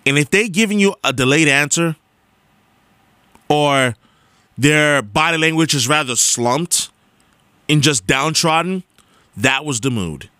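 A man's voice: a little high, unhurried, pauses often, clean tone, dry recording. A young man talking straight to listeners in an emphatic, repetitive monologue, like a radio host. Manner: emphatic, repetitive, animated storytelling.

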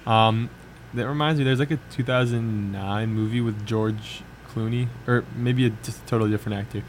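Flat-toned young man rambling casually. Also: on the low side, moderate pace, a little hiss or hum. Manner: rambling, filler-heavy, lots of "like". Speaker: college radio show co-host. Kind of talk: casual chat.

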